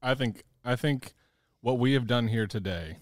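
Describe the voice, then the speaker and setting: A man's voice: mid-range voice, normal speed, no room sound, clean studio sound. A man hosting a casual podcast with friends, talking with wry humor and a slightly gargly throat. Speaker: podcast host. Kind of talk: casual chat.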